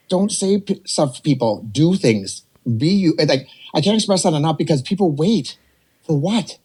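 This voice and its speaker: A man in his forties telling a personal story on a podcast, animated and rambling, slipping into voices to act out what others said. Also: fairly high pitch, normal speed, breathy edge. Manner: animated, rambling, jumps between quoted voices. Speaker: podcast guest. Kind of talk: casual storytelling.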